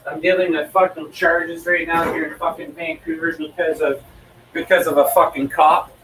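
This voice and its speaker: A man's voice: on the high side, little pitch movement, normal speed, a bit bright, recorded from a distance, slight background noise, low-quality recording. A young man ranting heatedly at home, swearing a lot and repeating himself as he livestreams. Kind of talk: angry profane rant.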